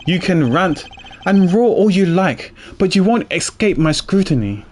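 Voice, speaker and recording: A man voicing a calm, deductive male investigator in a video game, reading his lines with quiet confidence. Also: sits high, a little slow, slight background noise, voice pushed up. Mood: confident. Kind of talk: reading game dialogue aloud on a stream.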